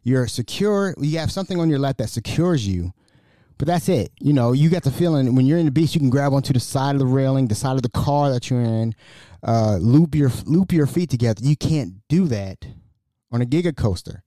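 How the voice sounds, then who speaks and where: A man hosting a casual solo podcast, excitable and stumbling over repeated words, his voice a little raspy. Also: mid-range voice, fairly quick, no echo, clean studio sound. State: slightly raspy from screaming. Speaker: podcast host.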